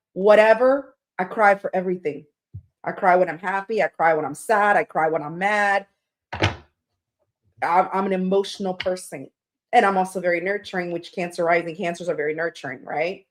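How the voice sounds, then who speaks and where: Chatty rambling woman hosting a livestream. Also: lowish voice. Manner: rambling, chatty, candid, laughs often, swears casually. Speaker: livestream tarot host. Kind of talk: casual livestream chat.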